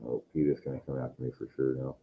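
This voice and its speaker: A man's voice: very deep voice, level tone, quick pace, dark tone, slight background noise. A man hosting a casual podcast chat, rambling and swearing heavily. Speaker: podcast host.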